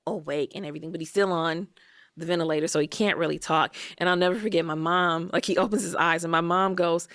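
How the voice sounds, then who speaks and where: A woman's voice: fairly low pitch, fairly even intonation, quick pace, fairly bright tone, dry recording, studio quality. A woman, a podcast guest, telling a personal story in a conversational way, often saying "like" and acting out other people's words. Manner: conversational, frequent "like", acts out quoted voices.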